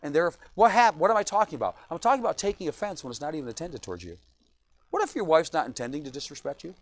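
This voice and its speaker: A man's voice: a little high, very fast. A man, a pastor, preaching an evening sermon and acting out churchgoers' lines in little voices. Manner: animated, acts out quoted churchgoers in voices.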